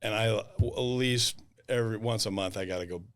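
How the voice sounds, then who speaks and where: Animated man telling sales stories. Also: fairly low pitch, brisk, clear, resonant tone. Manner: animated storyteller acting out quotes. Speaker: roofing salesman, podcast host. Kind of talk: casual podcast chat.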